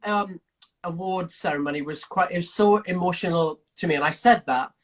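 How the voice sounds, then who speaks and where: A man's voice: high voice, a little fast, fairly bright tone. A middle-aged man co-hosting a live video chat, teasing and emotional as he asks questions. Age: older than the guest, middle-aged. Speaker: co-host asking questions. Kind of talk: casual chat on a live stream. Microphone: phone on a video call.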